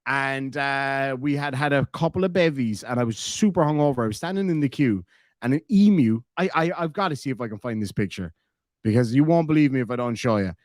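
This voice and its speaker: A man's voice: medium pitch, brisk, dry recording. Irish man, casual streamer, rambling and swearing, dry close mic. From Ireland. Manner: rambling storyteller, swears freely. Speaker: streamer reading chat. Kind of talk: casual chat.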